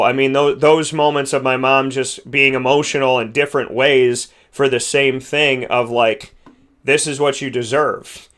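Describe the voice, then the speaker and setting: Male podcast host with a bright voice; earnest, rambling, heartfelt delivery. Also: mid-range voice, clear, resonant tone. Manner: earnest, rambling with many restarts.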